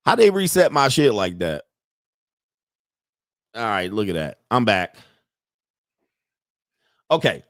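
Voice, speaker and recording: A man's voice: lowish voice, very animated, takes it slowly, pauses often, a bit bright, no room sound, studio quality. Profane, laughing male podcast host. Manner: rambling, profane, laughs often. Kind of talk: casual live-streamed commentary. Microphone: computer mic and webcam.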